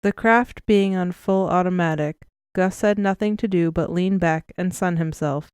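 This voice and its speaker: A woman reads an audiobook with a smooth, clear, slightly low voice. Her telling is even and measured. The recording is close and dry. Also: dry recording. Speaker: audiobook narrator. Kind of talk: scripted narration.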